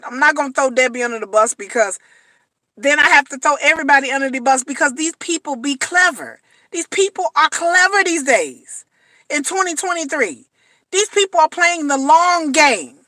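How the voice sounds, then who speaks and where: A woman delivers a blunt, slangy vlog commentary, hammering her points home with repetition. Her voice sits high and sounds bright and forceful. The recording is dry and close. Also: animated, moderate pace, dry recording. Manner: blunt, emphatic, slangy, repeats phrases. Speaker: reality TV commentator.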